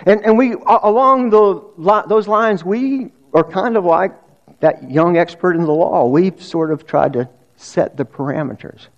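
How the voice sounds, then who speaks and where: A man's voice: sits high, expressive, normal speed. Man preaching conversationally, lo-fi sound. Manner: conversational preaching with restarts and rhetorical questions. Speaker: pastor. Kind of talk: sermon.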